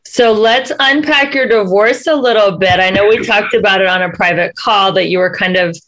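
A woman's voice: mid-range voice, normal speed, a bit bright, slight background noise, poor audio. A woman hosting an interview, encouraging her guest and prompting her to tell the audience more. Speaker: interview host. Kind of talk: podcast interview.

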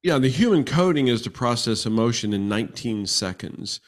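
A man in his sixties, a guest on a relationship podcast, telling stories in an animated way and acting out the quoted exchanges. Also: medium pitch, normal speed. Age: 60s. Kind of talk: casual podcast conversation.

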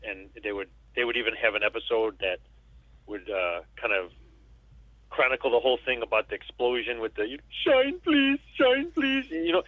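A man's voice: on the low side, no room sound. Guy rambling on a podcast, tinny lo-fi line, no room sound at all. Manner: rambling, with goofy impressions. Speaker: podcast guest. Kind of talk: casual chat.

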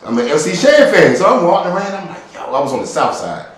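Animated storyteller man, echoey room. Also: a little high, fast, distant mic, crowd noise. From Baltimore. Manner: animated, laughing storyteller acting out voices. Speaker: DJ, guest. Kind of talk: casual storytelling chat.

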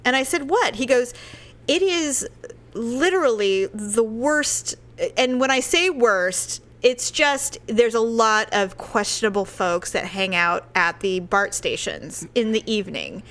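A woman telling a story in casual chat, animated, with loud impressions of other people. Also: mid-range voice, unhurried, few pauses.

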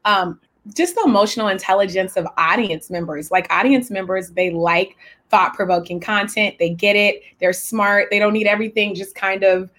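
A woman at a middle pitch leads a casual interview. She is upbeat and affirming and eager to build on what her guest says. She speaks over a video call. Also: moderate pace, fairly bright tone.

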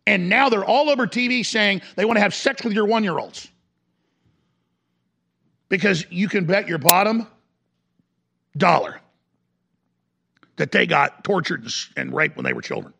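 Gravelly, forceful ranting male host. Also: big pitch swings, moderate pace, pauses often. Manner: ranting, forceful, swings between shouting and low growls. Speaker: talk radio host. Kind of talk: impassioned broadcast monologue.

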